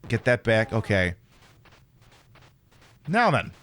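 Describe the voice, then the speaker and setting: A man's voice: lowish voice, takes it slowly, slight background noise. A man streaming a video game, trash-talking the opponents with lots of swearing. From United States. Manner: trash-talking, profane, excitable. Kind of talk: live gameplay commentary.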